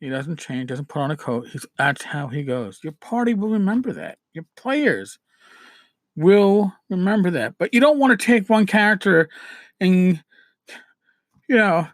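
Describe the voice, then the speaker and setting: Chatty, high-voiced New man. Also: big pitch swings, normal speed, no room sound, studio quality. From New York City. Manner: chatty, repeats himself, restarts phrases; swings between loud emphasis and dropped asides. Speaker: podcast host. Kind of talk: casual advice monologue.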